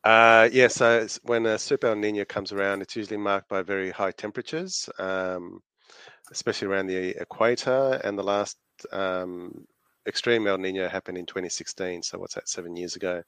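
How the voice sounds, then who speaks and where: A man's voice: sits low, fairly even intonation, moderate pace, a bit bright, smooth, dry recording. An Australian man co-hosting a podcast, explaining facts from his notes in casual chat and laughing easily. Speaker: podcast co-host.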